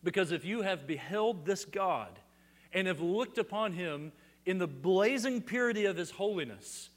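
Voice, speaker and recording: A man preaching a sermon, building to loud, emphatic bursts on repeated words and then dropping low and quiet. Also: animated, moderate pace. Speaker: pastor. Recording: long hall reverb.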